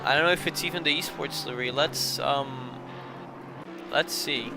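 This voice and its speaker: A man's voice: mid-range voice, normal speed, over music. A young man commentating a sim race live while fighting a bout of hiccups, apologising and laughing at himself between calls. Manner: flustered, self-mocking, apologetic between calls.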